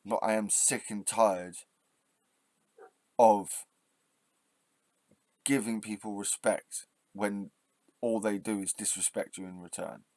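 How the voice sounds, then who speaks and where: A man hosting his own channel, delivering a passionate, swearing rant that drops to quiet musing and then flares up loud, with halting restarts when he thinks aloud. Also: lowish voice, steady tone, no room sound. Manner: swearing, impassioned, swings between quiet and loud. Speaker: channel host. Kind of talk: ranting vlog monologue.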